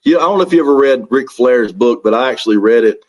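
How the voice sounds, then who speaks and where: A man's voice: mid-range voice, lively intonation, fast, highs cut off. A man from South Carolina with a Southern accent, a musician guest on a radio interview who tells rambling stories with lots of restarts and laughs.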